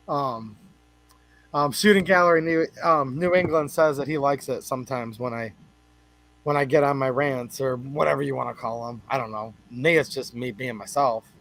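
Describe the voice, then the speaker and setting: A man's voice: fairly high pitch, a bit bright, dry recording, low-quality recording. Chatty man hosting a livestream. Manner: chatty, rambling, jokes with chat. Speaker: livestream host. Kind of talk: casual livestream chat, greeting viewers.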